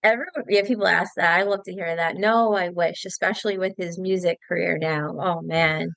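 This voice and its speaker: Gravelly-voiced joking woman comedian. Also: fairly low pitch, fairly even intonation, moderate pace, a bit bright, no echo. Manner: joking, playful, teasing. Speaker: comedian guest. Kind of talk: casual podcast chat.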